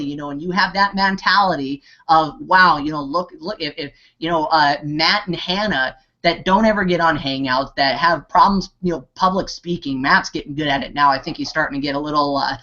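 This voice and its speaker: A network marketing team leader gives an impassioned motivational pep talk on an online hangout. His words tumble out between constant "you know"s, fillers, false starts and restarts, with bursts of passion. His voice is fairly high, a little fast, bright and forceful with few pauses, and the call audio sounds dull and lo-fi.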